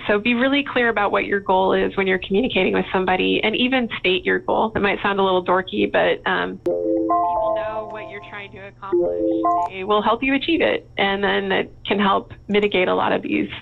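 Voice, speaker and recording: A woman's voice: medium pitch, fairly quick, vocal fry, music in the background. A woman guest in a casual interview, telling candid work stories and laughing often. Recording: tinny phone-like line.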